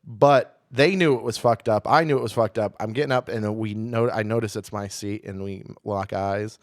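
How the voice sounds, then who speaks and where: A man's voice: fairly low pitch, steady tone, normal speed, dry recording, studio quality. A man co-hosting a comedy podcast, telling a long travel story in a casual, profane, self-deprecating way. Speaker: podcast co-host.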